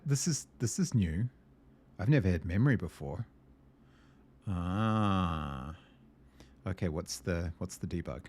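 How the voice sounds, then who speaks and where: A man hosting a gameplay video, thinking aloud and muttering to himself as he works through a puzzle game, hesitant and easily excited. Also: deep voice, slow, pauses often.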